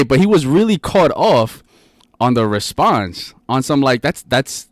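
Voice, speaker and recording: A man's voice: medium pitch, very animated, unhurried, no echo, clean studio sound. A man co-hosting a casual podcast, telling stories earnestly and repeating his points. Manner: earnest, repeats phrases, rambling storyteller. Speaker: podcast co-host. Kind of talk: casual chat.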